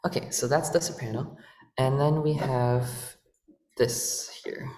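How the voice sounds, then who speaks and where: A man's voice: medium pitch, fairly even intonation, moderate pace, warm tone. A man presenting an organ workshop, patiently explaining music theory with fillers and self-corrections. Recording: echoey room with organ playing.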